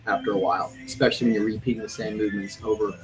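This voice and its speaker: Low-pitched male gym coach, easygoing and reflective, clear music behind him. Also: little pitch movement, rapid-fire, rough recording. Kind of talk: casual podcast chat.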